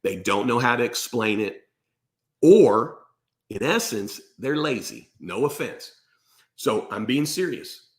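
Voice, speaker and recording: A man's voice: mid-range voice, animated, takes it slowly. A man giving tax advice straight to the camera, emphatic and blunt, often checking in with "okay?". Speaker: host and accountant.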